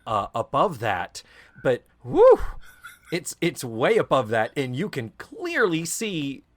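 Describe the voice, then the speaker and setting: A man's voice: medium pitch, wildly swooping pitch, takes it slowly. A man co-hosting a podcast, talking casually and theatrically, breaking into put-on voices to quote scenes. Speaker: podcast co-host. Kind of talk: casual chat.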